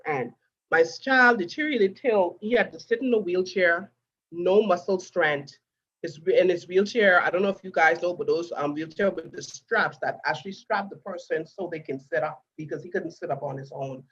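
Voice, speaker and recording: A woman's voice: on the low side, normal speed, fairly bright tone, slightly rough, lo-fi sound. Emotional woman giving a testimony. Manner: earnest, addresses listeners as "guys". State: getting emotional. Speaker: nurse sharing a testimony.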